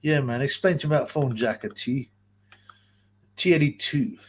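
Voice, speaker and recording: Husky man ranting on a livestream. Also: mid-range voice. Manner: profane, rambling, quick to laugh. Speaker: livestream host. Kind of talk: casual livestream chat.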